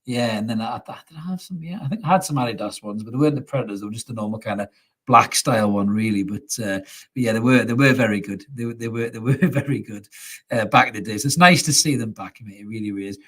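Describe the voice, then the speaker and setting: A man's voice: fairly low pitch, quick pace, fairly bright tone, breathy edge. A man hosting a casual football fan show, chatty, laughing often and calling people mate. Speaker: fan podcast host.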